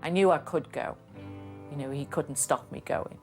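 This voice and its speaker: An older woman, lively telling stories from her past in an interview. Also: low voice, normal speed, faint music behind. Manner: lively storyteller, acts out quotes. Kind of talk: reminiscing interview.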